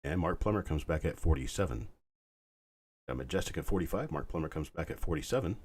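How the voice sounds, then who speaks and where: A man hosting a live online coin auction, calling bids in a calm, soothing, unhurried way. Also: rumbling low, breathy edge. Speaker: auctioneer host.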